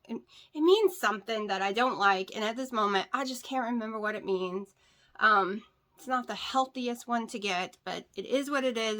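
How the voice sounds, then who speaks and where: Chatty woman with a bright voice. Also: on the high side. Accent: rural American country. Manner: candid, chatty, blunt, repeats herself for emphasis. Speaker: keto weight-loss vlogger. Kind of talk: casual vlog chat to camera. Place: at home, indoors. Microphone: camera on a tripod with a light.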